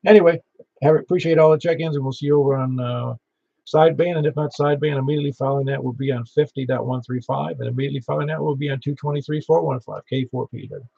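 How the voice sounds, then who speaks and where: A gravelly, husky-voiced man with a Middle Tennessee accent runs an amateur radio net in a joking, folksy way. His voice comes through a dull, lo-fi radio transmission. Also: medium pitch, fairly even intonation, quick pace, no echo. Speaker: net control operator. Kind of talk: ham radio net chat.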